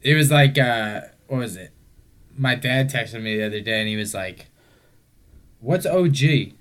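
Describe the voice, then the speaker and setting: A man's voice: medium pitch, lively intonation, a little slow. Male co-host, easygoing storyteller, casual and profane. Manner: laid-back storyteller, profane. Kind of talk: casual chat.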